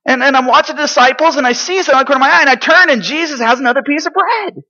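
A man's voice: very high-pitched, racing, exaggerated voice. A man playing Sammy, an eager Galilean boy. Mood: wide-eyed excitement. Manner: excitable, chatty, drops to hushed asides. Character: eager eight-year-old boy from Galilee. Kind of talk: dramatic first-person monologue. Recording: dull lo-fi recording.

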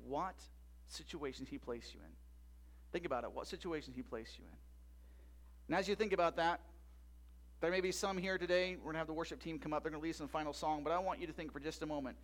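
Guy pastor preaching, pretty high voice, gets loud then drops soft, keeps asking "right?". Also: quick pace. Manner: animated preaching, rising loud emphasis and soft low asides; frequent tag questions to the congregation. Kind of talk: sermon.

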